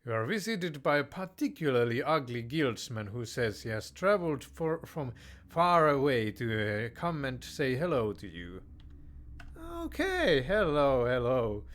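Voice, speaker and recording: A man's voice: mid-range voice, lively intonation, moderate pace, a bit bright. A man playing a text strategy game. He reads the game text aloud and comments in a hesitant way, with many fillers and restarts and joking mock-tyrant verdicts. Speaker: game player.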